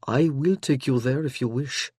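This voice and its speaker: An audiobook narrator voicing a gentle, tender French nobleman who speaks low and slowly with a French accent. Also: slightly rough, no room sound, clean studio sound, lightly acted. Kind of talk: audiobook character voice.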